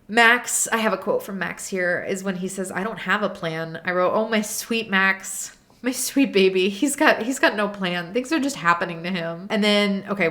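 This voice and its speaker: Animated woman ranting about a show. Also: medium pitch. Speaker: video essay host. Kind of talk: unscripted reaction commentary.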